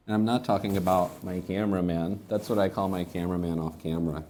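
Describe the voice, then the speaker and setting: Low-voiced man joking around. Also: steady tone, fast, few pauses, darkish tone. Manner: rambling, joking while feeding animals. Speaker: comedian. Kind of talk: casual comedic monologue.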